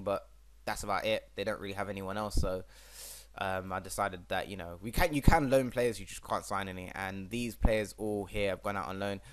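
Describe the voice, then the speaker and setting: A man's voice: on the low side, fairly bright tone. A young man hosting his own gaming channel, chatting casually and rambling through a football management game with plenty of fillers.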